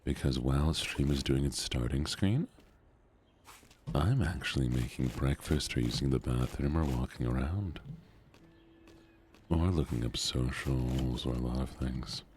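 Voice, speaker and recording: A tired, soft-spoken man streaming from home, chatting in a groggy morning voice with drifting pauses. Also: very deep voice, slight background noise.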